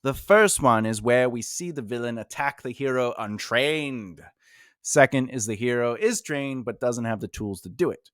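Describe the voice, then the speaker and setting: A man's voice: mid-range voice, normal speed, fairly bright tone, dry recording, clean studio sound. A man teaching writing in a loose, rambling style, talking casually with fillers and restarts. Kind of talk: casual instructional talk.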